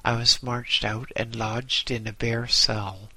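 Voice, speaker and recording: A man reading a first-person story aloud in a slow, measured way. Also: mid-range voice, flat delivery, bright, forceful tone, rough recording. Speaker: narrator.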